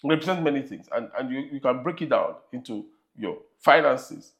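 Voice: mid-range voice, lively intonation, brisk. A preacher with a Nigerian accent delivering an emphatic sermon and repeating phrases for emphasis.

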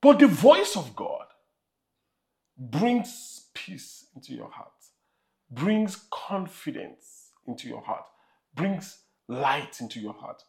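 Slow, animated Nigerian-accented preacher. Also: mid-range voice, creaky. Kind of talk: sermon.

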